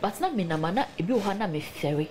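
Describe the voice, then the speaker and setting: A woman with a Ghanaian accent hosting a faith talk show, reading viewer comments aloud in an emphatic, unhurried way. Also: on the low side, expressive, darkish tone, a little hiss or hum.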